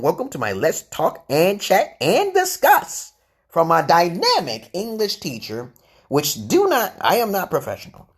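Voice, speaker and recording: A man's voice: medium pitch, slightly rough. A man hosting a casual live stream, lecturing in a rambling, self-assured way. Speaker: livestream host.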